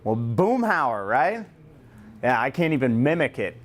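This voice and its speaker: A man leading a staff training session in a room with a group, lively and joking, acting out customer lines as examples. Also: mid-range voice, unhurried. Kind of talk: classroom training talk.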